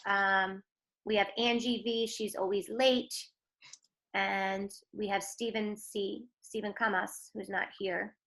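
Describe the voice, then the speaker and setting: A woman's voice: mid-range voice, flat delivery, slow pace, a bit bright. A woman teacher running an online class on a video call, upbeat and encouraging.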